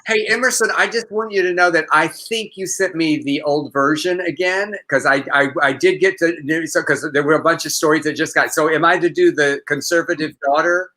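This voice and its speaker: Homem animado de voz aguda e brilhante. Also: male voice, on the high side, moderate pace, few pauses, pushed and bright. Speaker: co-host. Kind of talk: live news chat show.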